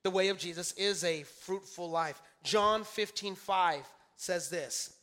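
Pastor guy preaching in church, high bright voice, repeats his lines, gets the room to say amen. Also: slow pace, few pauses. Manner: emphatic preaching with call-and-response to the congregation; repeats key phrases for emphasis. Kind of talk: sermon. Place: church sanctuary.

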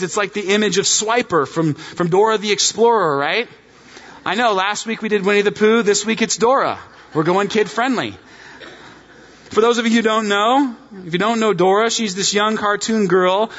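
A man preaching a sermon, animated and emphatic, speaking directly to his congregation. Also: sits high, long reverb tail, lo-fi sound. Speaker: pastor.

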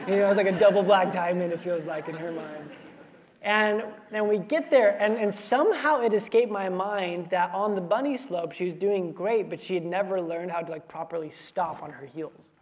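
A man in his thirties preaching a sermon in a relaxed, conversational way, with many fillers and playful quoted asides. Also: high-pitched, moderate pace. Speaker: pastor.

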